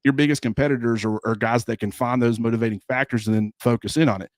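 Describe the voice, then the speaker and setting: A man's voice: mid-range voice, fairly even intonation, fast, no echo, studio quality. Earnest man analyzing football. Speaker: sports analyst co-host. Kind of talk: casual sports talk.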